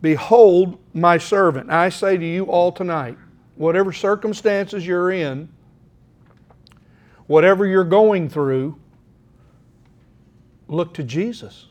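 Middle-aged guy preaching a sermon in church, kinda high voice, earnest and pushing the crowd, reads bible verses out. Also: slow, long pauses, darkish tone. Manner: earnest, exhorting, reading scripture aloud. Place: church room.

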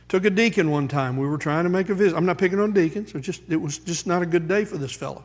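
A man preaching a sermon as pastor, quoting scripture and building to emphatic high points. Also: fast talker, hardly any pauses, long reverb tail.

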